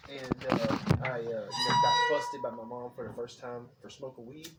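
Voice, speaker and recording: A man's voice: mid-range voice, fairly even intonation, normal speed, over loud music. A man co-hosting a podcast, telling a long rambling story in casual, profane chat with lots of fillers. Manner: rambling, profane, fillers like "you know what I'm saying". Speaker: podcast co-host. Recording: distant mic with clear background noise.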